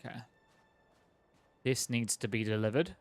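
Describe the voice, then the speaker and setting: A man's voice: medium pitch, expressive, normal speed, soft background music. A man streaming a game, chatting in a rambling, joking, self-mocking way. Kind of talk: casual gameplay commentary.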